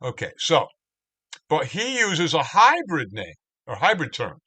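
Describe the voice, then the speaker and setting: Slow, bright-voiced man teaching Torah. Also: on the high side, wildly swooping pitch, husky. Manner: slow, reflective, with many restarts and asides. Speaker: cantorial spiritual leader. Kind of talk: online Torah study teaching.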